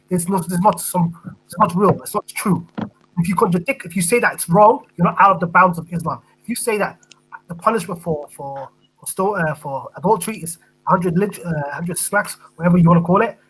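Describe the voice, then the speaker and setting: A man with a high, husky voice makes a long argument in an online voice-chat debate. He restarts and repeats words as he builds his point. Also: fairly bright tone, rough recording. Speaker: debate participant.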